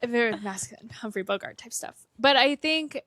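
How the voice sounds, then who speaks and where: Hesitant young woman with a bright voice. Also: on the high side, expressive, moderate pace, no room sound. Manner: hesitant, lots of "like" and trailing off. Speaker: podcast cohost. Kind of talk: casual chat.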